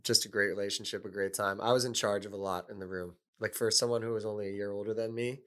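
Low-voiced retired player telling stories. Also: male voice, fairly even intonation, quick pace, fairly bright tone. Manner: anecdotal, chuckling, loose fillers. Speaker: former pro hockey player, guest. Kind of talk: casual storytelling chat.

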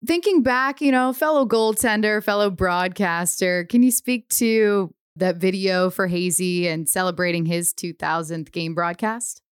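A woman's voice: lowish voice, measured pace, hardly any pauses, clear, resonant tone, dry recording, clean studio sound. A woman host interviewing a guest, asking questions in a friendly, encouraging way. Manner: friendly, encouraging, brief reactions. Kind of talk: casual interview.

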